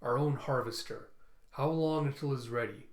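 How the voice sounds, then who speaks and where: A man's voice: medium pitch, normal speed, roomy sound, natural voice. Brief: man voicing an alien ambassador, formal and wary. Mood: probing.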